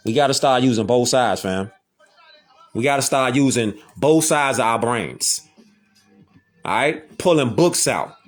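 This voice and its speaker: A man hosting a talk show, lecturing viewers in an emphatic, repetitive way. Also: medium pitch. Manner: emphatic, repeats phrases, addresses listeners as fam.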